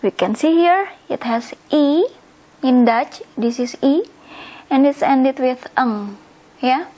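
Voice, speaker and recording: A slow-speaking woman with a high, dark-toned voice teaches vocabulary, her first language being Indonesian. As a language teacher giving a slow instructional explanation, she repeats words slowly and spells out their endings. The recording quality is low.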